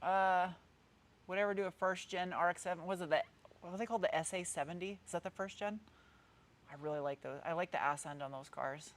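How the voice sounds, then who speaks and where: Speaking briskly in a fairly low voice, a thirtysomething woman with a New England accent hosts a car channel live stream. She answers viewers' comments in a chatty, rambling way, frequently starting over mid-thought.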